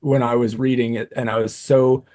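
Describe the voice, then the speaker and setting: Male co-host, relaxed, wry, average voice. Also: mid-range voice, normal speed. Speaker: podcast co-host. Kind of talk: casual chat.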